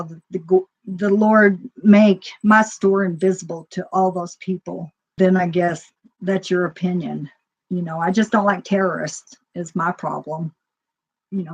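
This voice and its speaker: A woman speaks in an unhurried, meandering vlog monologue at a mid-range pitch. She circles her points with frequent fillers. The recording sounds muffled and lo-fi. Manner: rambling, full of "you know" fillers. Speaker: store owner. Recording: dull lo-fi recording.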